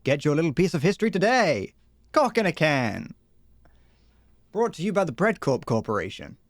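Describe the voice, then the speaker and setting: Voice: medium pitch, big pitch swings, moderate pace, dry recording. A livestreamer improvising a silly mock advert while gaming, giggling and stumbling over words.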